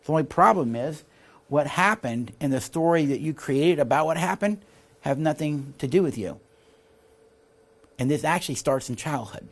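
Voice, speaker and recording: A man's voice: on the high side, moderate pace. A man teaching a leadership course, explaining ideas, reading passages from the text and checking in with his listeners. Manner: animated, asks the audience for agreement with "all right?" and "see?". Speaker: leadership instructor. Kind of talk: recorded teaching lecture.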